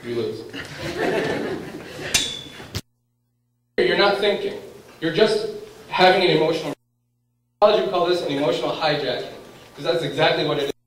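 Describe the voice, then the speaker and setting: A lecturer with a fairly high-pitched voice speaks briskly but stops often, putting questions to his audience and voicing someone's inner thoughts. Recorded in a very echoey lecture room, he sounds distant from the mic against faint background noise.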